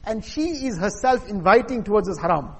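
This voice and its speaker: A man's voice: sits high, expressive, brisk, a bit bright, breathy edge. A man preaching a sermon, telling a story earnestly and voicing the people in it. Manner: earnest narrative telling with quoted dialogue. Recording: long hall reverb.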